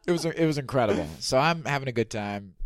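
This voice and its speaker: A male comedian telling a story in casual chat, animated, swearing freely and acting out the voices of people he quotes. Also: medium pitch, quick pace, no room sound, clean studio sound.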